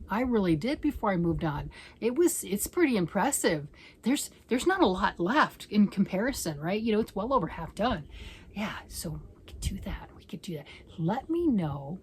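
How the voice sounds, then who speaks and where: A woman's voice: medium pitch, darkish tone, slight background noise. A woman talking casually to her viewers, chatty and self-teasing, slipping into whispers and playful outbursts. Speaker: crafting vlogger. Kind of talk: casual chat to camera. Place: home.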